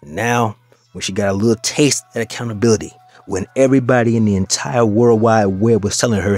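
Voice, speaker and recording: A man's voice: on the low side, brisk, a little mellow, soft background music. A man hosting a reaction video, giving mocking commentary and addressing his listeners as fellas.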